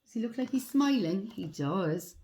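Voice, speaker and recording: A woman leading a circle time lesson for young children, talking in an animated, sing-song way. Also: medium pitch, normal speed. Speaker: preschool teacher.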